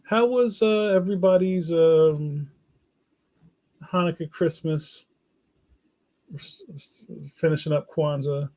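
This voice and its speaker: A middle-aged man hosting a casual livestream chat, talking to viewers in a relaxed, slangy way and reading their comments aloud. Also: a little high, takes it slowly, long pauses. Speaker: livestream host.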